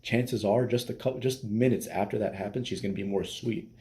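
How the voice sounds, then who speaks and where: A man's voice: on the low side, brisk, dark tone. A man giving casual dating advice as a coach, blunt and profane, with many fillers.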